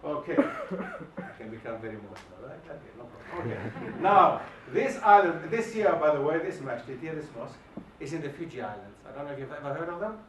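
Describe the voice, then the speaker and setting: A man giving an emphatic, animated lecture and firing questions at the audience, recorded in a hall. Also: a little high, a little fast, noisy background. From Germany. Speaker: guest lecturer. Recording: echoey hall, mic at a distance.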